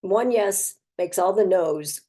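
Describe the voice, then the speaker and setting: An older actress talking as an interview guest, effusive and heartfelt, chatty with frequent restarts. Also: female voice, mid-range voice, slow, warm tone. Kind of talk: casual interview chat.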